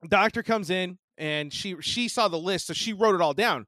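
A man's voice: high voice, moderate pace, sharp tone, no echo. A man in his forties and a podcast co-host, chatting casually, telling a profane story and acting out the voices of the people in it. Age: 40s. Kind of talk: casual chat.

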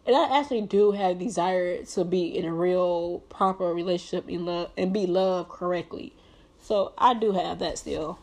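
A woman's voice: fairly low pitch, moderate pace, darkish tone. An earnest young woman speaks straight to her viewers. Her talk is heartfelt and encouraging, full of "like" and sermon-style pep talk. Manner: earnest, heavy use of "like", preachy encouragement. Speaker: vlogger.

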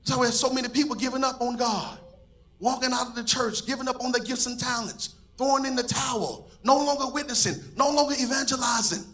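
A man preaching a sermon as pastor, with a singsong cadence that rises to shouts. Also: extremely high pitch.

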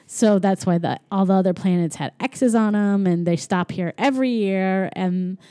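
A woman co-hosting a podcast, casually retelling a movie plot with giggles and quick acted-out lines. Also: mid-range voice, warm tone, no room sound. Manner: rambling, giggly, acts out lines in quick voices. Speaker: podcast co-host. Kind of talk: casual chat recapping a movie.

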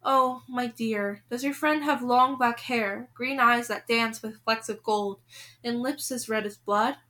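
A woman's voice: a little high, fairly even intonation, sharp tone. A woman voicing a sorrowful old captive woman. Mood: grave. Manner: hissing, then slow and pitying. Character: sad, fearful old shackled woman, a captive mother. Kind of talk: read-aloud storybook voice.

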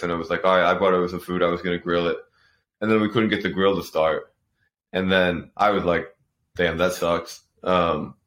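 Very deep-voiced man, chatty podcast host. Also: a bit bright. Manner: laughs while telling an anecdote, loose and chatty. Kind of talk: casual conversation.

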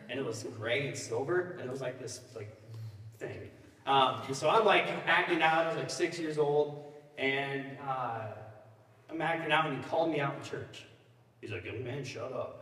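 A man's voice: mid-range voice, a bit bright. A middle-aged man, a pastor, preaching a sermon full of personal stories, casual and joking, often checking in with the crowd. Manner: casual, joking, often asks the crowd "you know what I mean?". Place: church sanctuary. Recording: echoey church hall, mic at a distance.

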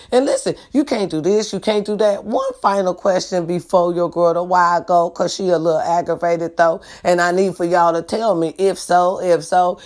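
A woman's voice: fairly low pitch, moderate pace. A woman vlogger ranting to her viewers in a blunt, profane way, often asking if they understand her. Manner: blunt, profane, keeps asking the audience for agreement. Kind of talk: casual rant to viewers.

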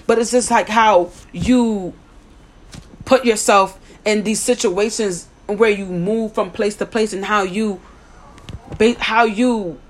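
A young woman giving a personal talk, earnest and thinking aloud, often restarting her sentences. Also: mid-range voice. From United States. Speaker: speaker sharing a personal view.

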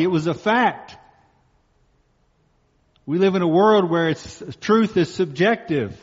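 A man with a slightly high voice preaching a sermon in what sounds like a church hall. He is emphatic, slows down on the key phrases and repeats them for weight. The sound is a little muffled, and a long reverb trails behind every phrase. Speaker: pastor.

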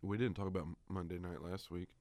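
A man co-hosting a sports podcast in casual chat, deadpan and quick to argue a point. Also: low voice, no echo. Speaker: podcast co-host.

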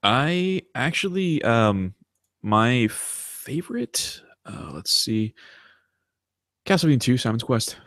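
A man in his thirties chatting casually on a podcast, animated and telling stories with plenty of swearing. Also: medium pitch, slow, dry recording, studio quality. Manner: animated storyteller, swears freely. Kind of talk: casual chat.

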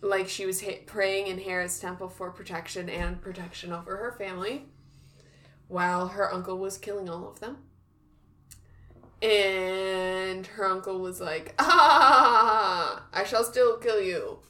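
Woman co-host, relaxed slow pace, giggly and rambling. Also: medium pitch. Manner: chatty, laughs often, restarts sentences. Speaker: podcast co-host. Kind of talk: casual chat.

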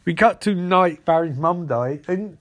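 A man hosting a show, rambling through a casual, sarcastic episode recap with quick asides. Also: high voice, lively intonation.

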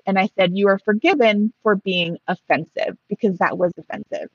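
A woman's voice: medium pitch, fairly quick, husky, dry recording, highs cut off. A Mexican woman telling a story in casual conversation, acting out both sides of a heated exchange. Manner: animated, acts out both sides of a dialogue.

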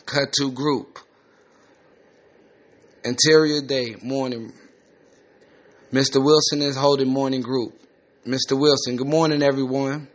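A man's voice: mid-range voice, steady tone, slow pace, pauses often. A man reading a screenplay aloud, with plain, matter-of-fact stage directions, on a slightly muffled lo-fi recording. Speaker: script reader.

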